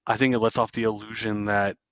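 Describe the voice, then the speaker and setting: A man's voice: fairly low pitch, level tone, quick pace, fairly bright tone, dry recording, highs cut off. A man hosting a podcast, loosely retelling a film scene by scene with plenty of fillers. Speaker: podcast host. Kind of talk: casual film recap.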